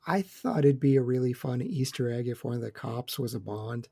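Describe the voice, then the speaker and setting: A man's voice: medium pitch, expressive, moderate pace, gravelly, mellow, breathy edge. A man co-hosting a casual film podcast roundtable, chatty and opinionated with joking asides. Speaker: podcast co-host.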